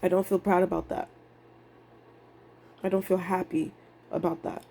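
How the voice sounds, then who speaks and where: A woman's voice: on the low side, flat delivery, normal speed, dark tone. Emotional, rambling young woman trader. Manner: emotional, rambling, swears casually. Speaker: day trader vlogging. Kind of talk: candid emotional vlog monologue.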